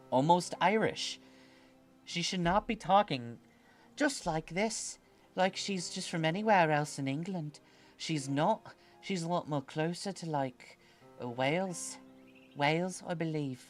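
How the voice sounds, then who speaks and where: Brief: male game streamer, slow and sarcastic, home desk mic, game music low underneath. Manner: chatty, laughing, sarcastic asides. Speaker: streamer, VTuber. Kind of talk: let's-play commentary.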